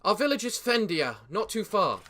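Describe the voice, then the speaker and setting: A man voicing a frightened male villager pleading for help in an earnest, soft voice. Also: sits high, sing-song, normal speed, slight background noise, voice pushed up, exaggerated voice.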